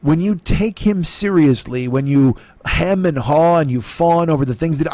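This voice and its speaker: A man rants in a sarcastic, profane comedy monologue. His pitch is a little high and swings widely as he gets worked up. The recording is close and very dry. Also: lively intonation, moderate pace, hardly any pauses, darkish tone, no echo. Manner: angry, profane, sarcastic ranting. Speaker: comedian and podcast host. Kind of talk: profane comic rant.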